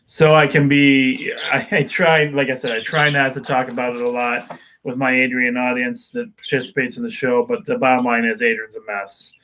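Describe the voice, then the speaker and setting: Hosting a casual local sports show, a man rambles through his predictions with plenty of "uh"s and restarts. His medium-pitched voice is flat yet pushed and bright, at a normal speed, and the recording is rough.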